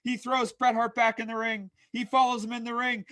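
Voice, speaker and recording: Man, wrestling play-by-play host, high voice, energetic, shouts at big moments. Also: fairly quick. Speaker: host narrating a fantasy wrestling show. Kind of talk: excited play-by-play narration.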